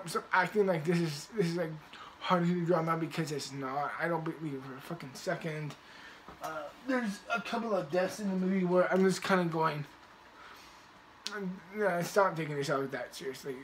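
A man's voice: a little high, a little hiss or hum, poor audio. Rambling man casually reviewing movies. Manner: rambling, many restarts, occasional swearing.

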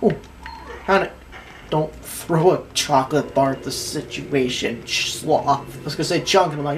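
A woman's voice: low voice, moderate pace, slight background noise. A woman giving casual, joking commentary while playing a video game, swearing and laughing freely. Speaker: gamer.

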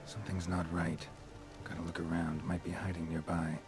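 A man voicing a terse, stoic male monster hunter in a video game, speaking in low clipped lines. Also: level tone, normal speed, close to an everyday voice. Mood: gruff. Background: game music.

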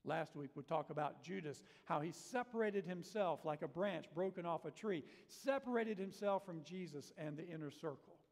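A man's voice: a little high, darkish tone. A male pastor preaching a sermon in a church, telling the story vividly and acting out quoted lines with dramatic emphasis. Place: church sanctuary. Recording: long church reverb.

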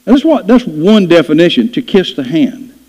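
A man's voice: fairly high pitch, sing-song, moderate pace, dark tone, breathy edge. A man preaching a sermon, telling folksy stories and acting out voices in them. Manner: folksy storytelling with playful acted-out voices. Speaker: pastor. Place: church sanctuary. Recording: dull lo-fi church hall recording.

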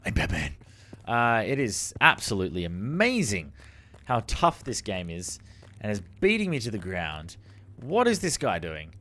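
Animated man narrating his gameplay. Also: fairly low pitch, unhurried, slight background noise. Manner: animated, exclaiming, addresses viewers as legends. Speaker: gaming channel host. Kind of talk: let's-play commentary.

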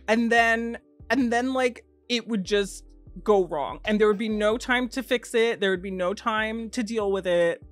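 A young woman chatting casually as she reacts to clips, giggly and animated, breaking down why things are funny. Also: mid-range voice, moderate pace, dry recording, faint music behind. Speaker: reaction video host.

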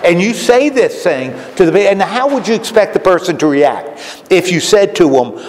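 A man's voice: high-pitched, very animated, normal speed. A man giving a folksy, conversational sermon at a retirement home, often asking his listeners questions. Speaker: lay preacher. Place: common room of a retirement home. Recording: echoey hall with faint background noise.

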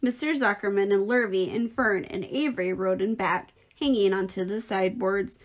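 A woman teacher reading a children's novel aloud in a clear, expressive storytelling voice. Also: medium pitch, moderate pace.

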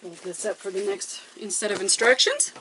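Lively, bright-voiced woman teaching quilting. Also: mid-range voice, moderate pace, a little hiss or hum, rough recording. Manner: talks to herself while working, counting measurements aloud. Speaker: quilting tutorial host. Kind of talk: casual step-by-step craft demonstration.

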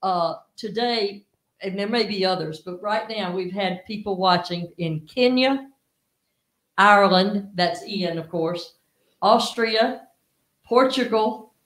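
A woman's voice: mid-range voice, slow pace. A woman co-hosting a casual live-stream chat, reading out viewer comments and correcting herself. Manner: apologetic, corrects herself, reads out names. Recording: roomy echo.

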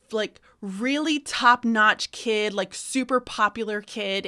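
Woman, middle-aged, teacher, casual vlog, enthusiastic, chatty, many fillers, mid pitch. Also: a bit bright. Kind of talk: casual book-recommendation vlog.

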